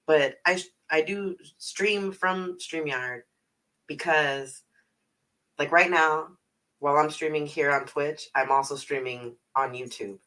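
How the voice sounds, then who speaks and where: Recorded with a distant mic at low quality, this voice is mid-range and sharp, drifting a little off-mic. The speaker, a livestreamer and travel agent from Houston's north side with a Houston Texan accent, rambles through a casual livestream chat, saying "like" a lot, swearing freely, and laughing often.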